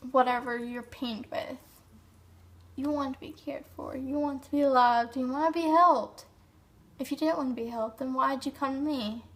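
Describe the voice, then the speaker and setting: High, slow, earnest young woman. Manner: earnest, pleading, repetitive. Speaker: video creator giving encouragement. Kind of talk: emotional direct-to-camera appeal.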